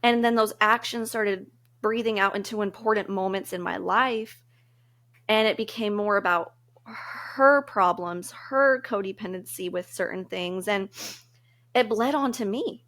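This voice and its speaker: A woman's voice: mid-range voice, measured pace, a bit bright. Earnest woman giving casual advice. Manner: earnest and reflective, laughs easily. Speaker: podcast co-host.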